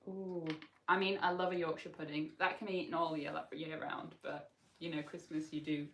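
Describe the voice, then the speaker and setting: A woman's voice: low-pitched, little pitch movement, a little fast, fairly bright tone. A woman chatting as a guest on a livestream, dry and self-deprecating. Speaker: guest co-host. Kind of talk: casual chat. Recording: roomy, distant mic, faint noise.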